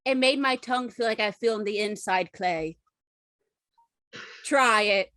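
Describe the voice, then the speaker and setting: A woman's voice: mid-range voice, unhurried, fairly bright tone, dry recording, clean studio sound. A woman playing a tabletop game, playful and teasing with her table. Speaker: player. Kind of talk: casual tabletop game chat.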